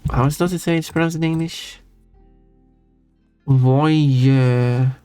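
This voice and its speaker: Quick-paced, with a clean, level tone on the higher side, this streamer banters teasingly with his live chat and laughs frequently. Soft music plays faintly under his voice.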